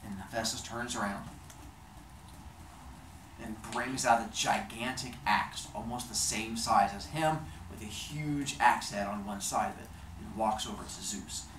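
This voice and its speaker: A man telling a comic myth in an animated, playful way, hosting his show. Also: fairly low pitch, measured pace, slight background noise. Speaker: storyteller host. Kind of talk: comic storytelling. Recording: roomy echo.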